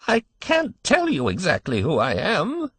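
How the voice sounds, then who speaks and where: A man's voice: a little high, wildly swooping pitch, a little slow, fairly bright tone, breathy edge, no echo, pitched above the performer's own voice, heavily acted. A man voicing a querulous, complaining old man with a cracked, quavering voice in a storybook reading. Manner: complaining, whiny.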